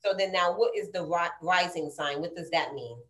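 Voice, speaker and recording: A woman's voice: fairly low pitch, moderate pace, fairly bright tone, echoey room. A woman asking questions in casual chat, earnest and a little repetitive. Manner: earnest, curious, repeats herself.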